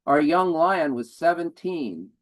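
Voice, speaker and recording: A man's voice: a little high, expressive, slow pace, rough recording. A man in his seventies, a featured poet, giving a poetry reading in a dry, wry manner. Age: 70s. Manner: dry, wry delivery of humorous verse.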